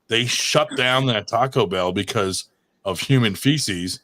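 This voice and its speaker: A podcast co-host with a fairly low, bright, forceful voice tells prank stories in casual chat, talking a little slowly. He swears often and laughs as he goes, a profane, laughing storyteller.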